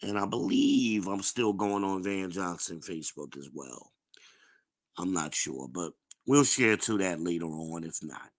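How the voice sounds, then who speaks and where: Slow, lecturing podcast host man. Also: sits low, lively intonation. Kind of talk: live-streamed podcast monologue.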